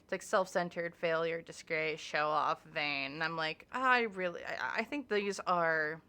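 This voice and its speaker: A woman's voice: low voice, a little slow, bright, forceful tone, clear, resonant tone. A woman doing a casual tarot reading, talking in a chatty, hedging way with lots of fillers and restarts. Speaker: tarot reader.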